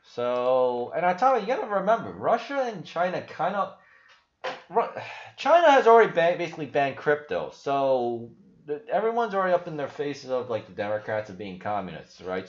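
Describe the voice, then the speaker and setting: A man hosting a casual livestream with rambling, profane talk full of restarts. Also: lowish voice. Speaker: crypto channel host. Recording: roomy, slightly dull sound.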